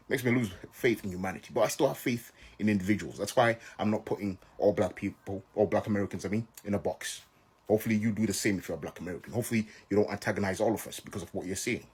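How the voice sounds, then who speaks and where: A man's voice: on the low side, quick pace, breathy edge. A man from Africa giving an emphatic opinion monologue, often checking in with "yeah?" and "right?". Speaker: commentator.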